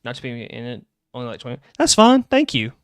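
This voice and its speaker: A young man streaming live, chatting excitably and rambling about game lore. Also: medium pitch, smooth, no room sound, clean studio sound. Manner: excitable, rambling, quick bursts of laughter.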